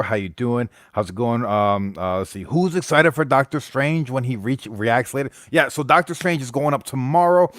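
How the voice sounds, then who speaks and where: A man's voice: medium pitch, a bit bright. A man from the United States hosts a loose, casual live stream, chatting with his viewers. He rambles and restarts his sentences often. The sound is dry and close, with no room echo. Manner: rambling, stumbling restarts, greets chat members.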